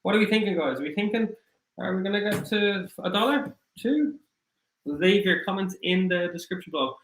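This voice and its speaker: A man with an Irish accent hosting a casual livestream, rambling and apologetic, his voice getting rough after hours of talking. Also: high voice, lively intonation, normal speed, a bit bright, reverberant, a little hiss or hum, poor audio. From Ireland. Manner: rambling, apologetic, thinks aloud with many fillers. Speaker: crypto livestream host. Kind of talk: casual livestream chat, reading viewer comments.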